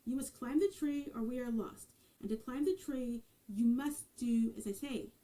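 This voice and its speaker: A woman's voice: on the high side, moderate pace, dark tone, natural voice, low-quality recording. A woman voicing a kind but resolute young giant's daughter in a storybook reading, giving urgent, commanding instructions.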